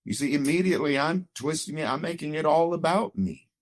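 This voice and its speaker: A man's voice: on the high side, a little fast, dry recording. A middle-aged man earnestly telling a personal story in a conversation, reflective and full of "you know" fillers. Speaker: guest telling his marriage story.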